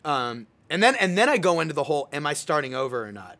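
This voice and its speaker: A bright-voiced young man hosts a relaxed chat. He tells his story with animated energy and acts out his own lines as he goes. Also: fairly high pitch, fast talker. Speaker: podcast host. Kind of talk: casual chat.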